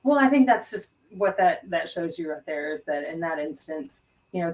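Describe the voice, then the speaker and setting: A woman speaks in a fairly low voice, a bit off-mic. She chats on a casual podcast in an earnest, reflective way. She is a hairdresser talking shop with her co-host. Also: lively intonation, normal speed, a little mellow, distant mic, rough recording. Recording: slightly off-mic.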